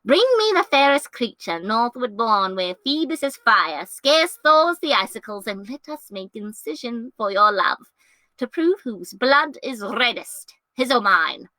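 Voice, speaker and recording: A woman's voice: big pitch swings, unhurried, sharp tone, no room sound, heavily acted. A woman voicing a proud foreign prince courting a lady, reading the verse of a classic play aloud on her own with grand declamation. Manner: declamatory verse with sweeping pitch swings. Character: proud foreign prince, adult man, boastful suitor.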